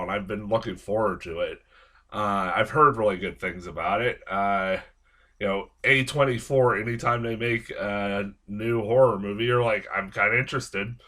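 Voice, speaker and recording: A man's voice: medium pitch, a bit bright. A man giving a casual spoken film review, rambling and swearing constantly with many fillers as he rants in exasperation. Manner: rambling and heavily profane, with frequent fillers; exasperated ranting. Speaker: movie reviewer.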